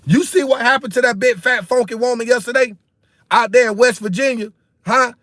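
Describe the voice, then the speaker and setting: A man's voice: extremely high pitch, a little fast, a bit bright, no echo, clean studio sound. A man, hosting a political commentary livestream. He rants heatedly, repeats himself, and keeps calling his viewers "bro" and "man.". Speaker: political commentary channel host.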